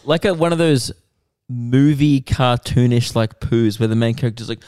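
A young man on a podcast, chiming in with quick, teasing remarks. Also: mid-range voice, a little mellow, clean tone, dry recording, clean studio sound. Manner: teasing, quick-witted interjections. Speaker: podcast co-host. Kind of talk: casual banter.

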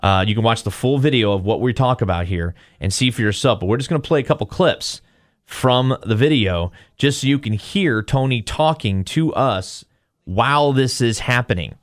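A man's voice: medium pitch, moderate pace, no room sound, clean studio sound. A male podcast host retells a story casually, acting out quotes as he goes. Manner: animated retelling, acts out quotes.

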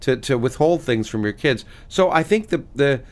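A middle-aged male physicist and author being interviewed, talking with animated enthusiasm and many restarts. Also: mid-range voice, normal speed. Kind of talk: conversational interview, reading aloud from his book.

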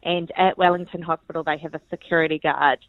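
A woman's voice: sits low, fast, dry recording, narrow, tinny audio. Giggly New Zealand woman telling a story. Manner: giggly, animated, laughs through lines. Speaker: guest storyteller. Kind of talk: comic storytelling on radio.

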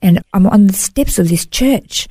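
This is a woman speaking as an interview guest, recounting a personal testimony in an earnest, emotional way. Her voice is warm and mellow, and it sits at a middle pitch for a woman. The recording is dry and close, and she often drops in a "you know" as she tells it. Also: animated, a little slow, breathy edge, no echo. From Australia.

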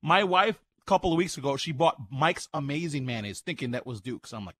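A man on live radio tasting a sandwich and reacting with loud excitement, talking while he eats at home. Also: on the high side, brisk, no room sound. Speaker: radio co-host. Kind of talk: live radio food review.

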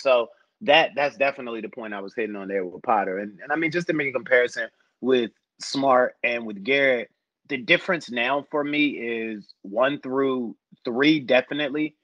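A man talking basketball in a relaxed, rambling conversational way, musing over players and roster fits. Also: mid-range voice, no echo, lo-fi sound. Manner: thoughtful, rambling with fillers. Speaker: basketball podcast analyst. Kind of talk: casual sports discussion.

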